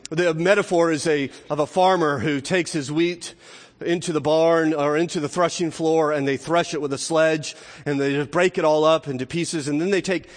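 Male pastor, fairly high voice, fervent sermon delivery, church with long reverb. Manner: impassioned preaching, rising to shouts when quoting. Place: church sanctuary. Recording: reverberant hall.

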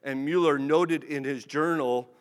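A man's voice: on the high side, unhurried, in a large hall. A man preaching a sermon in a conversational, humorous way, acting out bits of dialogue.

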